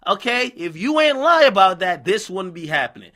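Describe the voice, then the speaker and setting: A man giving casual, profane commentary on posts he reads out, talking bluntly and excitably. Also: high voice, normal speed. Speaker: gossip commentator.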